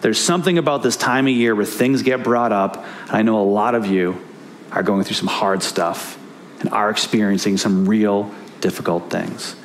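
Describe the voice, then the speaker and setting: A man's voice: on the low side, moderate pace, a little hiss or hum. Earnest male pastor preaching a sermon. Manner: earnest, emphatic repetition.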